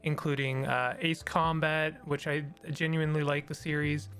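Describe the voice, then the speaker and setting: A man's voice: fairly high pitch, flat delivery, moderate pace, a bit bright, faint music behind. A man hosting a casual solo commentary on games, talking in a rambling, tired and cynical way with many restarts. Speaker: gaming video host.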